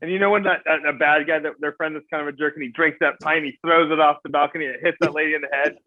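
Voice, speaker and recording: A man's voice: fairly high pitch, steady tone, fast talker. A man who is a stunt performer, guesting on an interview and telling rambling, joking stories. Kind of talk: casual interview chat. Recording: dull lo-fi audio.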